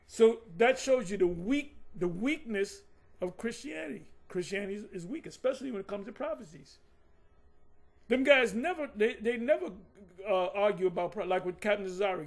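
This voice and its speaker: A man's voice: high voice, gravelly. A man giving combative, mocking commentary on scripture, rambling with frequent restarts. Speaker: religious commentator.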